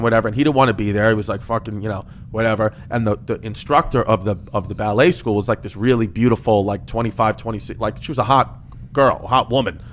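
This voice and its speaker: Brief: male comedian, casual podcast storyteller, animated and profane, restarts a lot. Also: medium pitch, slight background noise.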